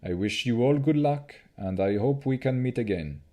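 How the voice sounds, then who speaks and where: A man's voice: medium pitch, lively intonation, normal speed, mellow, close to an everyday voice. A man reading an audiobook, voicing a grave male elf leader who speaks solemnly and apologetically.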